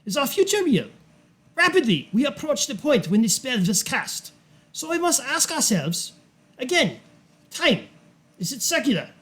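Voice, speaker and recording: A man's voice: extremely high pitch, huge pitch swings, a bit bright, pitched above the performer's own voice, exaggerated voice. A man voicing an eccentric old male researcher who lectures with sweeping, dramatic questions. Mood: grandiose. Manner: grand, questioning, dramatic pauses.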